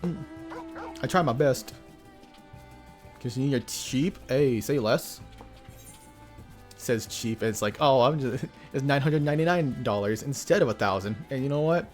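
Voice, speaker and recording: A man's voice: medium pitch, animated, measured pace, long pauses, a little mellow, soft background music. A young man streaming a game, joking and laughing in slangy, casual commentary.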